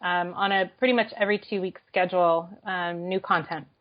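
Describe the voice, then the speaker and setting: A woman speaking as a podcast guest, answering eagerly in quick bursts with frequent fillers. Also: on the low side, fairly even intonation. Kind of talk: casual interview chat. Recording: slightly muffled podcast recording.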